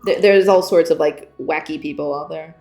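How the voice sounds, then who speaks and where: Here a game developer streamer talks in a low, slightly mellow voice at a moderate pace. She chats loosely with viewers, reads their messages out loud, and giggles a lot, all against a roomy echo and soft background music.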